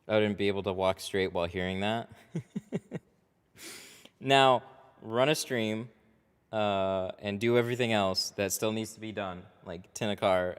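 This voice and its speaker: Shop owner livestreaming from his tint bay, a low, smooth man's voice with loose, rambling chat and frequent laughs. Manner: chatty, rambling, laughs often. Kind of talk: casual livestream chat while working. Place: car tint workshop. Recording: echoey reverberant workshop.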